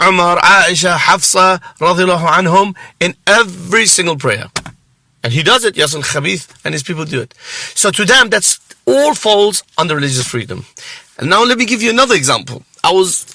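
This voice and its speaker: Mocking man with a bright, dry voice. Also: a little high, no room sound. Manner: mocking, laughs between remarks. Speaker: host of a religious reaction show. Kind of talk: scornful reaction commentary.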